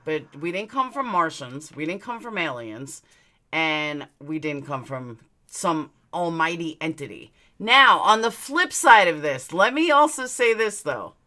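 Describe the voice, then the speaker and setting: A woman with a low, forceful voice talks straight into her webcam on a casual live stream. She is blunt and candid, swears without a second thought, and lets her personal stories ramble on. The delivery has a sharp edge to it. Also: sing-song, unhurried. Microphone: webcam mic, looking into camera.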